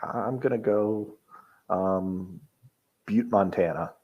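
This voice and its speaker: A man with a very low, husky voice offers wry, laid-back remarks on an old wrestling match. He often hesitates and reaches for his words with fillers. His tone stays easygoing and dry. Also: takes it slowly, highs cut off. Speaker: podcast co-host. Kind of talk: casual commentary over a wrestling match.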